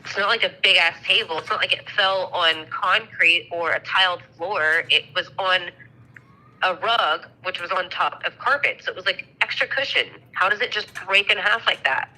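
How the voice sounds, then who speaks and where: Chatty woman with a sharp, bright voice. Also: on the low side, normal speed, poor audio. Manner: chatty, swears casually, acts out dialogue. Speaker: mother telling a ghost story. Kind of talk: casual storytelling chat.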